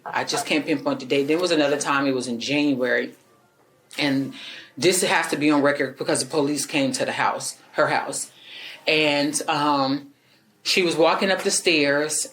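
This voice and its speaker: A woman's voice: low voice, fairly bright tone, slight background noise. Hesitant woman witness recounting events. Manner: hesitant, halting retelling with fillers. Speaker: witness, neighbor. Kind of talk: police interview testimony. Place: police interview room.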